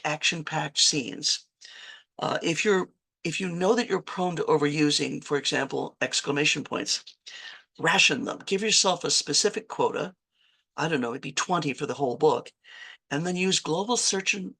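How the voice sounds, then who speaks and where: A woman's voice: sits low, creaky, fairly bright tone. A woman from Virginia giving a conversational writing workshop lecture, often correcting herself mid-sentence and adding chatty asides. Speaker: writing instructor.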